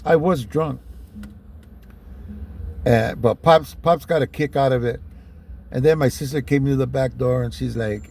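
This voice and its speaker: Gravelly laid-back LA man. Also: medium pitch, fairly even intonation, a little slow, pauses often, a little mellow, slight background noise. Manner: laid-back, peppers speech with "man" and "you know", chuckles often. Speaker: storyteller. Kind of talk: casual personal storytelling.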